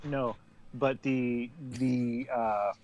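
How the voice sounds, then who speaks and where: A man's voice: medium pitch, steady tone, drawn-out words, a little mellow, lo-fi sound, faint music behind. A man chatting casually on a podcast, telling a rambling story with lots of ums and restarts. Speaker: podcast co-host.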